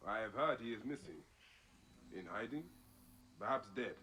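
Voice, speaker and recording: A stern, probing game warrior. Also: male voice, on the low side, normal speed, slight background noise. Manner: calm, probing questions. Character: stern male warrior-investigator, persistent. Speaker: game protagonist questioning townsfolk.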